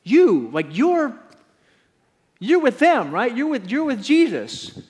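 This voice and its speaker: A man voicing a pushy, nosy young servant girl in a high, prying voice during a sermon. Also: huge pitch swings, slow, darkish tone, long reverb tail, heavily acted. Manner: insistent, prying, high-pitched.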